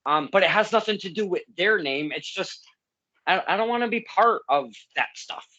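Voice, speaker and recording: A man's voice: high-pitched, animated, moderate pace, bright, forceful tone. A man hosting a casual interview, rambling and stammering as he tells stories and laughs along. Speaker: podcast host and local wrestling ring announcer. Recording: slightly dull lo-fi sound.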